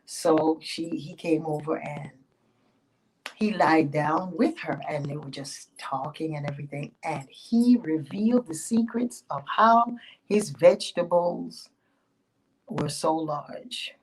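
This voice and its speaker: A woman spiritual teacher telling a sacred story aloud, animated and playful, stepping in and out of character voices. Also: deep voice, slow, slight background noise, rough recording. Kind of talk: oral storytelling.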